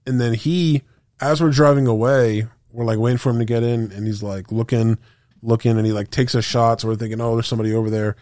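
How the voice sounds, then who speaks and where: A man on a podcast telling a long gaming story, animated and profane, acting out quotes and gunfire sounds. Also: medium pitch, fast talker, dry recording, clean studio sound. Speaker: podcast co-host. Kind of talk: casual storytelling chat.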